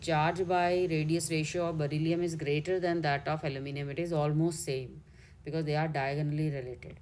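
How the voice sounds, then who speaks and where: Indian woman, chemistry tutor, low voice, methodical step-by-step explaining. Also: little pitch movement, brisk, a little mellow, slight background noise. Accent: Indian English. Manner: step-by-step explaining, corrects herself mid-way. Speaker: chemistry teacher. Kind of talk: exam solution walkthrough.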